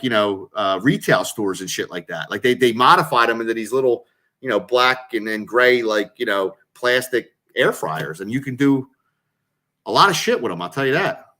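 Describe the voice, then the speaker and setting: A middle-aged man, co-hosting a show and telling a long casual story full of fillers and swearing. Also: medium pitch. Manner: animated, profane, lots of fillers. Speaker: co-host.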